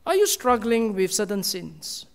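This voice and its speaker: A man delivers a sermon from the pulpit in a high, gravelly voice. He speaks slowly and earnestly, pausing often and sinking into a soft, hushed tone. A long reverb trails his words, as in a church hall. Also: big pitch swings. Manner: slow, earnest preaching with many pauses, often dropping to a soft, hushed tone. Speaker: pastor.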